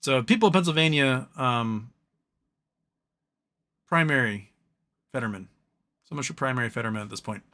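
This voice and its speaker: A livestream host with a mid-range, sharp-toned voice speaks expressively at normal speed, pausing often. He reads chat comments aloud and rambles through profane opinions and rants.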